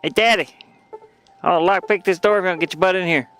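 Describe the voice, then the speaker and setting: A man voicing a bratty toddler boy trapped in a room, whining and shouting for his daddy. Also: sits high, fairly quick, faint music behind, voice pushed up. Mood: whiny. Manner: whiny, shouting for daddy, giggly.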